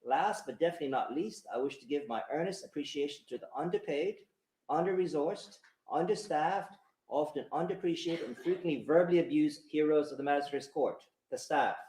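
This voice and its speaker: A man's voice: fairly high pitch, a little mellow. A man, a magistrate giving an earnest, emphatic formal speech in a courtroom. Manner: earnest, emphatic, slows for stress. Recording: roomy courtroom echo.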